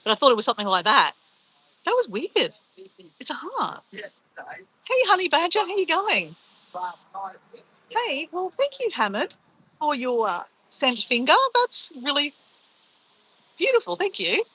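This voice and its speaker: Bright upbeat Australian woman chatting. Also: high voice, huge pitch swings, measured pace, pauses often, low-quality recording. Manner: chatty, upbeat, brushes off insults. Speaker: livestream host reading chat. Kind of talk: casual livestream chat.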